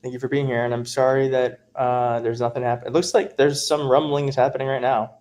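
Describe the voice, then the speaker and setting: A man's voice: medium pitch, flat delivery, fairly quick, a little mellow, a little hiss or hum. A man hosting a casual livestream from home, chatting and reading viewer comments aloud, laughing often. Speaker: livestream host.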